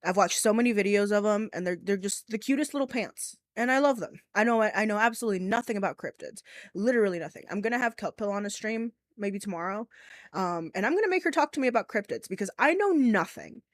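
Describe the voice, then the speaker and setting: A woman's voice: mid-range voice, expressive, fast, no room sound, clean studio sound. A young woman streaming, chatting casually and ranting bluntly with lots of swearing and giggles. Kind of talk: casual live-stream commentary.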